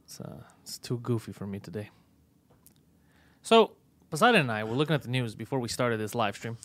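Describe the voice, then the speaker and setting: A man's voice: mid-range voice, very animated, brisk, no echo. A man hosting a comedic live stream, joking and emphatic as he chats with a co-host and greets viewers.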